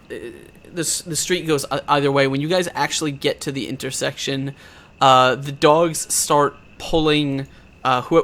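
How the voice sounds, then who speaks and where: A man's voice: fairly high pitch, fairly bright tone. Rambling game master man. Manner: rambling, many fillers and restarts. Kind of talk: narrating a tabletop game.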